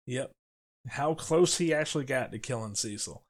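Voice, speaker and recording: Man, podcast co-host, casual chat, animated, mid-pitched voice. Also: moderate pace. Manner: animated, quotes characters in passing.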